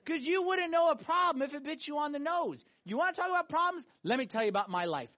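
A man's voice: very high-pitched, lively intonation, quick pace, lo-fi sound. A man preaching a sermon in an emphatic, conversational way, returning again and again to the same question. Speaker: pastor.

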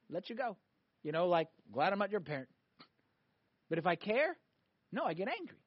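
A man, a priest, preaching a sermon in an animated way, swinging between loud emphatic peaks and quiet asides. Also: high voice, no echo, dull audio.

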